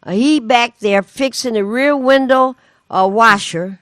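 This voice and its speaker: Woman, talk show co-host, animated storytelling, higher voice, dry sound. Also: unhurried, dry recording. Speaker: community radio co-host. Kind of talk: casual storytelling chat.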